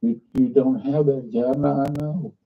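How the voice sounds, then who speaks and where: Man, ministry leader, earnest fundraising appeal, halting delivery, distant mic, dull sound. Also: medium pitch, steady tone. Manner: earnest, halting, restarts often. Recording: muffled, distant played-back clip.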